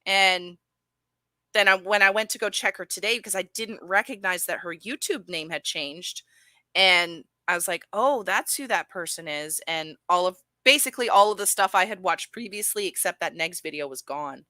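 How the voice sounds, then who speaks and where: A woman's voice: fairly low pitch, normal speed, sharp tone, dry recording. Giggly woman streaming with a dry mic. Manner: chatty, giggly, rambling with many fillers. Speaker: streamer reviewing videos. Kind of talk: casual live-stream commentary.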